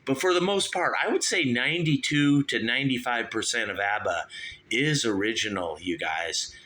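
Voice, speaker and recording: A man's voice: medium pitch, normal speed, bright, forceful tone. Rambling chatty man in his fifties. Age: 50s. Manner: rambling, chatty, keeps saying "you guys". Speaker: show host. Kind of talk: casual music review monologue.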